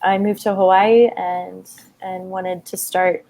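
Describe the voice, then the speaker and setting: A woman's voice: on the low side, little pitch movement, takes it slowly, dark tone. A woman in her thirties telling a personal story in a conversation, open and emotional, with many fillers. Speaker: guest.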